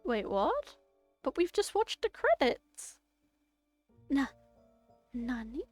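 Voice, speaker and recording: A woman streaming a live game playthrough, chatty and excitable, swearing casually. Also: very high-pitched, takes it slowly, dry recording, soft background music.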